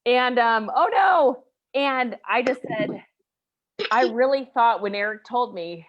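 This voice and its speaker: Animated woman in her forties. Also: a little high, slow pace, dull audio. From United States. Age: 40s. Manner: animated storytelling, emotional and laughing. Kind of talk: casual group chat.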